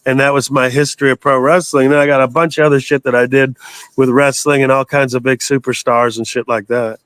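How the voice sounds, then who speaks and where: A man's voice: medium pitch, little pitch movement, brisk, fairly bright tone, smooth, no echo. A man in his sixties from the United States, a guest telling long rambling stories in a casual interview and swearing freely. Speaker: guest, metal singer.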